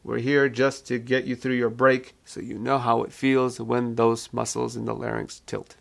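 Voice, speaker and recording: A male vocal coach giving a calm, reassuring singing lesson and walking beginners through vocal exercises. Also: medium pitch, moderate pace, creaky. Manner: calm, reassuring teaching with repeated phrases.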